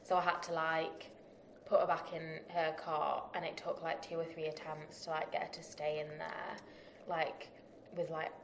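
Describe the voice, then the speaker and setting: A woman's voice: low-pitched, flat delivery, normal speed, a little hiss or hum. A woman co-hosting a podcast, chatting casually with many "like" fillers. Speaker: podcast co-host, therapist, parent. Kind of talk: casual chat. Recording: echoey room.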